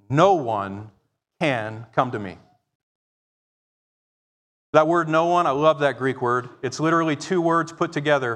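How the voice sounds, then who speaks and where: A man preaching with a fairly high voice that rings with a long reverb through a large hall. He swings between loud, emphatic declarations and quiet, explaining asides. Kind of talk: sermon.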